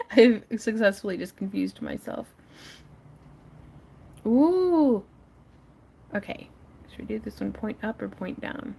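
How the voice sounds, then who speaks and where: A woman's voice: mid-range voice, animated, takes it slowly, gravelly, long pauses, dark tone, husky. Chatty woman hosting a craft livestream. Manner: chatty, talks to her pets and viewers; laughs often. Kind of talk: casual livestream chat while crafting.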